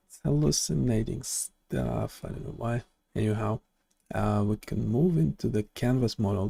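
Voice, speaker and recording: A man's voice: lowish voice, creaky, a little mellow, no room sound. A man hosting a live coding stream, thinking aloud and giving instructions to an AI assistant.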